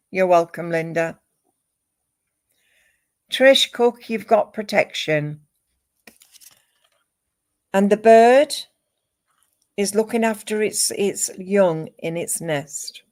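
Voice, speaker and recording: Slow-spoken woman medium. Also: medium pitch, animated, a little mellow. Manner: slow, measured, listing names and images one by one. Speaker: psychic medium. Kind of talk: live psychic reading.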